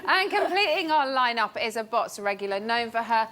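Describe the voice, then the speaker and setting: A woman's voice: on the high side, very animated, normal speed. A British woman hosting a TV chat show, playful and teasing, laughing often between lines. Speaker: host. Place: TV studio with live audience. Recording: loud audience noise.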